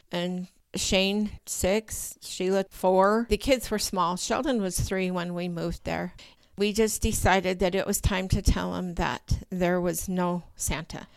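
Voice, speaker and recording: An older woman telling a personal story in a lively way, acting out her own past thoughts with sudden high rises in pitch. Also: clear, resonant tone, dry recording. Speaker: guest telling a true story.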